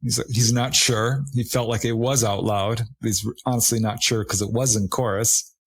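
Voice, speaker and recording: A man in a relaxed conversation, retelling a witness account with animated delivery. He laughs often and lifts his voice high when he quotes others. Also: normal speed, slightly rough, no room sound. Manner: laughs often while talking. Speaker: guest, paranormal investigator. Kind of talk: conversational storytelling.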